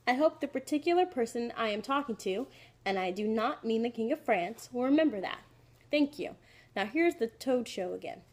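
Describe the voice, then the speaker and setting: A woman's voice: fairly high pitch, lively intonation, moderate pace. A woman voicing a busy, self-important male president in a storybook reading. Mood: brusque.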